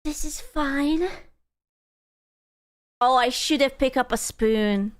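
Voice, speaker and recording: A high, clear-voiced woman streams in easy casual chat, unhurried and smooth. She is dramatic and self-mocking, with plenty of swearing.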